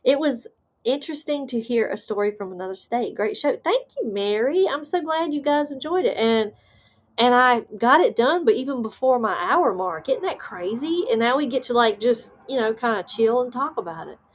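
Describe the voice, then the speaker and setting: At normal speed, a fairly high-pitched woman with lively intonation and a Southern American accent reads live comments on her paranormal stream. Her manner is easygoing and chatty, quick to laugh, with lots of fillers.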